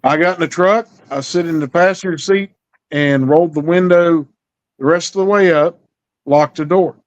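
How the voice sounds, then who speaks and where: Middle-aged guy drawling thru a folksy story, kinda high voice, muffled lo-fi audio. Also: moderate pace. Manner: drawling, acts out dialogue. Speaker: storyteller guest. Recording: dull lo-fi recording.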